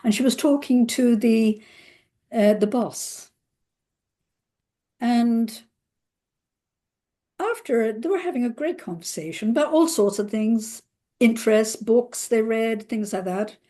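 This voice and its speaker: Mellow-voiced woman telling a client story. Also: fairly high pitch, slow pace, pauses often. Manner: acts out quoted voices with lively emphasis. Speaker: therapist. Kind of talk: conversational storytelling.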